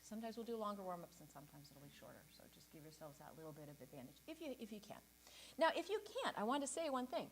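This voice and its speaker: A woman leading a choir rehearsal, encouraging the singers and demonstrating breathing and staccato warm-up sounds. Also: medium pitch, big pitch swings, fast, a little hiss or hum. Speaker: choir director.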